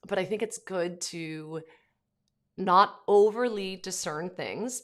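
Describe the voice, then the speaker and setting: A woman's voice: on the low side, fairly bright tone. A woman in her thirties hosting a casual faith podcast, talking straight to listeners in a chatty way with many fillers, and reading out their comments. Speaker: podcast host.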